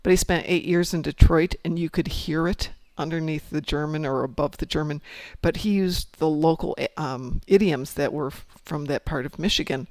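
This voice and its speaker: A man with a raised, gravelly voice hosts a gaming stream, rambling through chat messages and side stories. The sound is close and dry, with no room around it. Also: a little high, normal speed, hardly any pauses, a little mellow, no echo. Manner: chatty, reads out chat messages, rambling asides. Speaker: streamer host.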